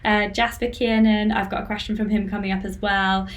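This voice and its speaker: A woman hosting a live-streamed interview on a video call, chatty and warm in her words as she reads out viewer comments. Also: medium pitch, level tone, fairly quick. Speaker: podcast host.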